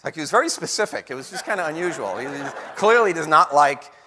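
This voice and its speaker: A man giving a lively storytelling talk to an audience, acting out the voices of people in his story. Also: fairly high pitch, fast talker, noisy background. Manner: animated storyteller acting out quotes. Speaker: guest speaker. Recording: long hall reverb.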